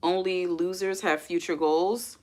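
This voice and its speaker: Woman, young adult, livestream host, casual chat, lowish voice, talks to viewers as y'all. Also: steady tone, measured pace. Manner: chatty, addresses viewers as y'all, poses questions to chat.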